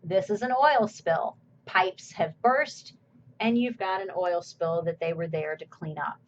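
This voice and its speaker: A woman's voice: on the low side, measured pace, muffled recording, slight background noise. A woman course instructor giving a recorded slide lecture in a conversational way, asking her own questions and answering them.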